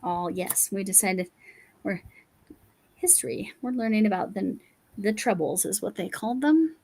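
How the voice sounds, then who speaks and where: A woman's voice: mid-range voice, animated, moderate pace, a little mellow. Chatty woman from Colorado hosting. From Colorado, USA. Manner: chatty and curious, musing aloud. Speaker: host. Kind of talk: casual livestream chat while crafting.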